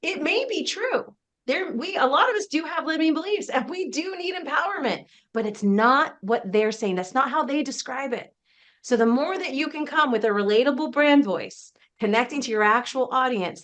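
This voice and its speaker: A woman's voice: on the high side, a bit bright. A woman business coach presenting a casual webinar, chatty and emphatic, often laughing between points.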